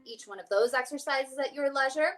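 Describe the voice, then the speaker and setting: A woman's voice: sits high, brisk, loud music behind the voice. A woman, a soprano, giving a vocal coaching session over a video call. She explains each exercise and then sings it, with a light, joking touch.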